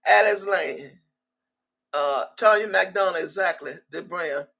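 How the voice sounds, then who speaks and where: A woman's voice: fairly low pitch, takes it slowly, vocal fry, fairly bright tone, muffled recording. A woman in her sixties hosting a casual livestream, reading viewer comments aloud in a loose, salty way and laughing often.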